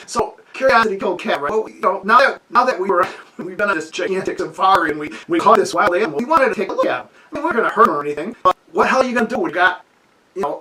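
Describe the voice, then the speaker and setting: A man in his sixties telling a childhood story at home in a casual, animated way, laughing often and acting out the scenes. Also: sits high, poor audio. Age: 60s. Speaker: amateur radio hobbyist. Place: home with a wood stove.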